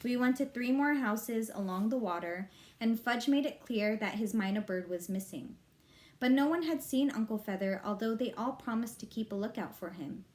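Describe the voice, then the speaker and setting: A woman reads a children's novel aloud with a fairly high voice. Her narration is expressive and lively, rising with the excitement of the story. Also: moderate pace. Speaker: reader.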